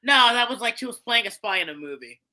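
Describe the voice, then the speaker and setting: A woman in casual chat about voice casting, blunt and profane, talking with animated energy. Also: fairly high pitch, quick pace. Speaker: podcast co-host.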